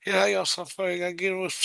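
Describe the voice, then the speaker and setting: A middle-aged man with a Bronx New York accent, co-hosting a podcast and telling stories in a sarcastic, animated way. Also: high-pitched, gravelly, no room sound. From South Bronx, New York. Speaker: podcast co-host. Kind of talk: casual chat, storytelling.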